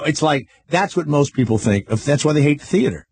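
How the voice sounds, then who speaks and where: Animated man hosting a radio talk show. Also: mid-range voice, fairly quick, few pauses, a little hiss or hum. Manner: animated storytelling, mimics people. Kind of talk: casual radio banter.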